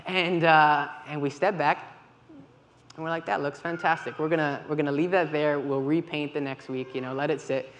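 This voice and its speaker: Man, church talk, fairly high voice, long hall reverb, faint room ambience. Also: normal speed, slight background noise. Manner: lively storytelling with quoted dialogue and laughs. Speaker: volunteer leader with kids.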